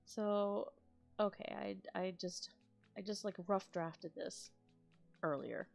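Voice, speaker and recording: A woman's voice: mid-range voice, slow pace, gravelly, faint music behind. Rambling woman chatting on stream. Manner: rambling, thinks aloud with restarts and soft laughs. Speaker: ASMR creator. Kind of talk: casual live-stream chat.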